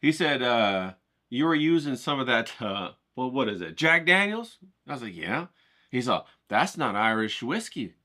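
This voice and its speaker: A man's voice: mid-range voice, big pitch swings, normal speed, sharp tone. A middle-aged man vlogging outdoors in a hyped, rambling way, swearing casually and talking straight to his viewers. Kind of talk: casual chatty vlog talk. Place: outdoors, cold day.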